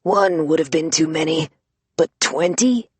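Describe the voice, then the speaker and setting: A woman narrating an audiobook, voicing a bold, scheming young woman who fakes a harsh rasping voice. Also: sits low, measured pace, darkish tone, dry recording, heavily acted. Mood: gruff rasp. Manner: rasping, put-on gruff. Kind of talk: audiobook character voice.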